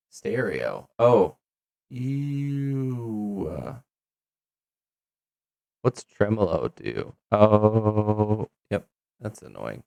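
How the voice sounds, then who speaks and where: A low-voiced man talks casually to himself while he tests voice effects. His voice carries a gravelly fry, and he mutters his reactions slowly. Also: very animated, a little mellow, dry recording. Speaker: channel host.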